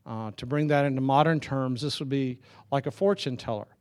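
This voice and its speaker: A man's voice: mid-range voice, a little fast, a little mellow, clean tone. A middle-aged man preaching a sermon, telling stories in a loose, conversational way with chuckles and restarts. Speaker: pastor.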